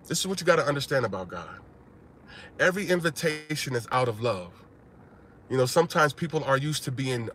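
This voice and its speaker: A male preacher delivering a sermon with emphatic, repeating phrases and lively storytelling. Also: mid-range voice, a little hiss or hum.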